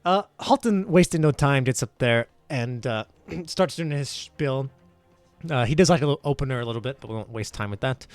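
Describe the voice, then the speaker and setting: A man's voice: medium pitch, fairly quick, dry recording, soft background music. A man narrating a tabletop game as game master, in a casual way with many fillers. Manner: casual, filler-heavy, laughing.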